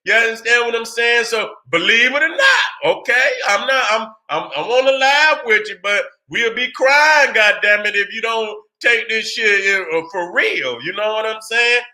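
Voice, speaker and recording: A man's voice: extremely high pitch, normal speed, few pauses, pushed and bright. A man hosting his channel, giving a heated, profane lecture and constantly asking whether listeners follow him. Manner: profane, emphatic, keeps asking "you see what I'm saying". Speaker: channel host.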